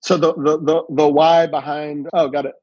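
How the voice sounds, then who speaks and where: Storytelling businessman guest, husky voice. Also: on the high side, flat delivery, moderate pace, a little mellow, dry recording, lo-fi sound. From Louisiana. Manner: storytelling, repeats words when starting thoughts. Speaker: podcast guest, entrepreneur. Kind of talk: conversational interview.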